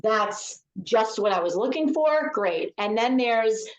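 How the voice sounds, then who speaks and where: Woman author guest, slightly high voice, emphatic and repetitive, echoey room. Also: lively intonation, takes it slowly. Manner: emphatic, repeats key phrases. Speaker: author and confidence speaker. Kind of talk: podcast interview.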